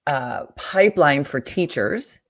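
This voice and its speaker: An American woman, a guest on an interview podcast, talking in an upbeat, chatty way with quick restarts. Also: sits low, lively intonation, no echo, clean studio sound. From United States. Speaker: guest, Profit First guide. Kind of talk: casual interview chat.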